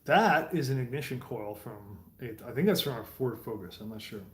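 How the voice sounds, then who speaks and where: A man's voice: mid-range voice, expressive, brisk, a little hiss or hum. A man talking casually in a rambling, profane monologue from his home garage, with laughing asides. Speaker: streamer. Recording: roomy echo.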